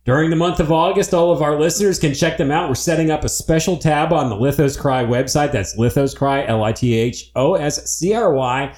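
Easygoing podcast host, echoey room. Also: male voice, a little high, fairly quick, few pauses, darkish tone. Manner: easygoing, wraps up with promos. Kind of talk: casual podcast interview.

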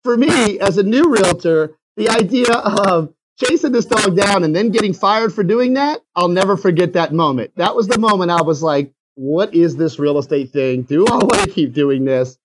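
A man's voice: high voice, rough recording. A man with a South Louisiana accent, a realtor telling a story in a casual interview, acting out the phone calls as he goes.

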